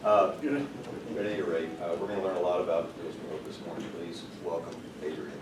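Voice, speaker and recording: A deep-voiced man hosts a meeting, rushing through a halting introduction of the speaker. He is heard from a distance in a very echoey room, with loud noise behind him. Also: steady tone. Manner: hurried, halting with fillers.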